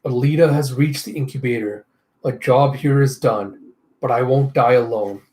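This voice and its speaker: A man reads a defiant, wisecracking male hacker for a comic readthrough. The voice stays near his own, dry and deliberate, defiant even when losing. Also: medium pitch, natural voice.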